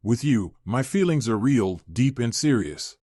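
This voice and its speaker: A man's voice: medium pitch, animated, a little slow, warm tone, dry recording. A guilty, pleading young man, as a male narrator puts him on, begging his partner to stay. The voice rises and falls a lot, and the recording is close and dry. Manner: pleading, insistent. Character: remorseful pleading male fiancé.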